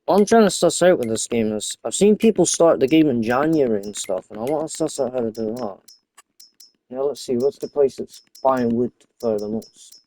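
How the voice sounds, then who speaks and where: A man's voice: medium pitch, lively intonation, normal speed, mellow. A young man giving casual, rambling commentary while playing a farming game, often drifting off topic. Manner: rambling, chatty, goes off topic. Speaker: gaming YouTuber.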